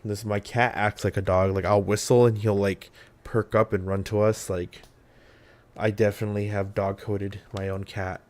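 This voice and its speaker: A man's voice: lowish voice, little pitch movement, moderate pace, a little mellow. A young man hosting a casual live stream chat, rambling and joking, swearing casually. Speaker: streamer host.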